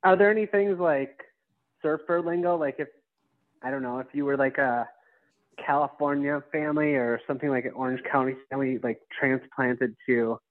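A man's voice: mid-range voice, no room sound, phone-quality sound. A man from Wisconsin co-hosting a podcast, joking around in casual, chatty talk. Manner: jokey, chatty. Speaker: podcast co-host. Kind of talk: casual chat.

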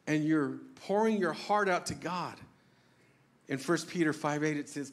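High-voiced man preaching earnestly. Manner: earnest, conversational preaching with rhetorical questions; self-deprecating humor. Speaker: pastor. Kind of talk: sermon.

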